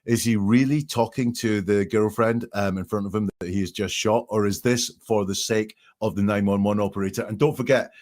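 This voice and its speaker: A man's voice: lowish voice, steady tone, a little fast, few pauses, darkish tone. A man hosting a live podcast, thinking aloud with frequent ums as he analyzes quoted statements step by step. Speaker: podcast host analyzing language.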